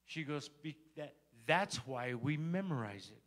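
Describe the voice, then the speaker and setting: A man's voice: a little high, lively intonation, unhurried, fairly bright tone. A male pastor telling a story in a sermon and building to fervent exhortation. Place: church sanctuary.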